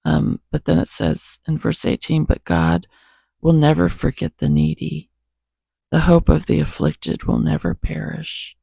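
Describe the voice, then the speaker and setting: A man with a hoarse morning voice, reading Bible verses, reflecting on them and praying in an earnest, unhurried way at home. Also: on the high side, dark tone, no room sound. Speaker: host reading scripture to his cat.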